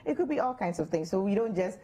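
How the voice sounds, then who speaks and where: A Ghanaian woman co-hosting a relationship advice show in a studio, chatting in an animated, playful way and acting out quoted lines. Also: medium pitch, fast, husky. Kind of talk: lively studio chat giving advice.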